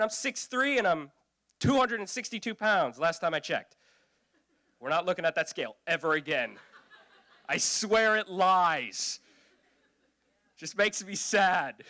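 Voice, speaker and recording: Young male stand-up comic, animated storyteller, bright tone that swings wide. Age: young adult. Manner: animated storytelling, jumps to high squeaky voices for quoted people. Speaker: stand-up comedian. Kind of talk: stand-up comedy routine. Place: youth event stage.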